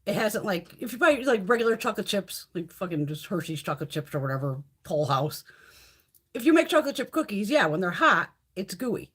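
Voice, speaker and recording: With a mid-range, slightly bright voice that swings widely in pitch, a middle-aged woman talks briskly and a bit breathily. She hosts a casual beauty live chat, swearing and reading viewers' comments aloud.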